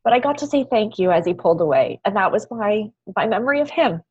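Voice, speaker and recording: A woman recounts a personal story in an interview, heartfelt and animated, laughing often and leaning on "like." Her voice sits at a middle pitch. The recording is a little dull and dry. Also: quick pace, breathy edge, dry recording. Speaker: guest, event founder.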